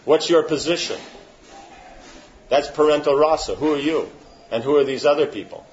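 A man with a fairly high-pitched, slightly mellow voice speaks at normal speed in an informal religious talk as a spiritual teacher. He answers questions emphatically and often checks in with "you know what I'm saying?" The muffled lo-fi recording carries slight background noise.

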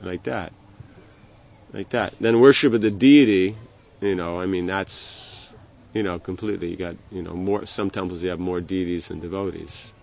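A man giving an informal religious lecture as a spiritual teacher, talking in a halting way with many restarts and "you know". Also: sits low, creaky, a little mellow, lo-fi sound.

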